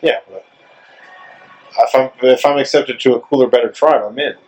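A man's voice: mid-range voice, normal speed, darkish tone, rough recording. A man hosting a casual podcast interview outdoors, chatty and joking with rambling asides. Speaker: podcast host. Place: outdoors in front of a store.

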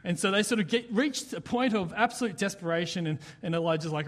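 High-voiced man preaching casually. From Australia. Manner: chatty, halting, many restarts and fillers. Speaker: pastor. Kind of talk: casual sermon.

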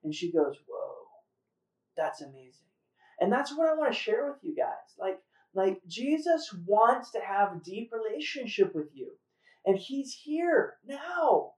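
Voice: mid-range voice, sing-song, a little slow. A host telling a faith story in a casual, earnest way, with fillers and restarts. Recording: roomy echo, far from mic.

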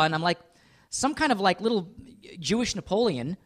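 A man co-hosting a casual podcast, his pitch swinging up and down through long, rambling stretches of talk. He swears freely, mocks himself, and keeps dropping into quick put-on voices. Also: lively intonation, a bit bright. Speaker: podcast co-host. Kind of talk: casual chat.

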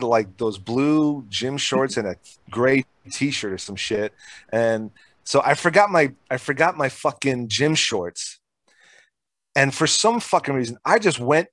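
A man telling casual, profane stories from his school days in a relaxed, chatty way. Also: medium pitch, dry recording. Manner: profane, laid-back storytelling. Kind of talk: casual storytelling chat.

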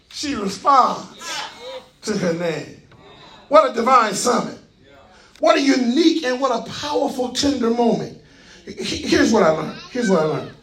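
A male pastor preaching a sermon in a fervent call-and-response style, often shouting and coaxing the congregation with folksy asides. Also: very high voice, poor audio. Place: church sanctuary with congregation.

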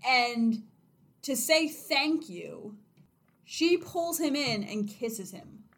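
Young woman recapping a book, highish voice, giggles, acts out the lines. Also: expressive, drawn-out words, fairly bright tone. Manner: giggly, retells scenes with quoted lines. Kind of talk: casual podcast chat.

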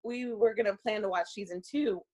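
A young woman casually telling a dating story, animated and profane, laughing often. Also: mid-range voice, fairly quick.

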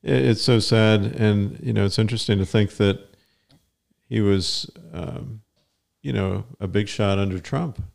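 Gravelly older man, dry punning humor. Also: lowish voice, a little slow, a little mellow. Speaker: co-host, the host's father. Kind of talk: casual chat.

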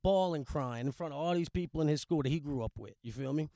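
A man's voice: on the high side, fast talker, mellow, no room sound. Guy from Louisiana, profane and blunt, dry close mic, casual podcast storyteller. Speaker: podcast guest.

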